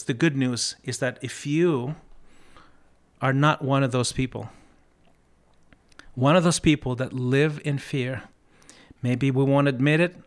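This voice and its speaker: Earnest man telling a motivational story. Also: mid-range voice. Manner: earnest and reflective, with frequent restarts; storyteller who slows down to stress key points. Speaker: podcast host. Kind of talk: motivational podcast monologue.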